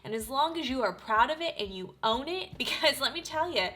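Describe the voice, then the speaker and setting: A woman in her forties gushing through a casual makeup tutorial, talking straight to her viewers with frequent excited exclamations. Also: high voice, brisk. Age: 40s. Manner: gushing, animated, exclaims often. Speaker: beauty vlogger.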